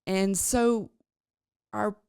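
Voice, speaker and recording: A woman's voice: medium pitch, steady tone, extremely slow, gravelly, dark tone, smooth, no echo, studio quality. A woman podcast host telling a personal story in a chatty, rambling way, with many fillers and restarts.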